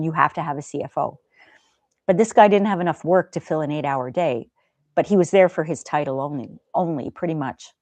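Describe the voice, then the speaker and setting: Gentle chatty woman livestream host. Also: lowish voice, no echo. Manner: gentle, chatty, reads viewer comments aloud. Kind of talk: casual chat.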